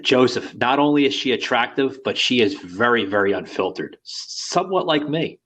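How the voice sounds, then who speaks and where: A man's voice: mid-range voice, expressive, moderate pace, a bit bright. Rambling, filler-heavy podcast host man. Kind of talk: casual podcast chat.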